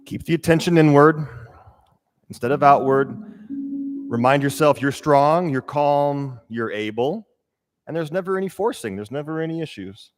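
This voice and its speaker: A man teaching a guided breathwork class, giving calm, steady cues and counting breaths aloud. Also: fairly high pitch, normal speed. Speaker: yoga and breathwork instructor. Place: yoga studio. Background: drum beat music.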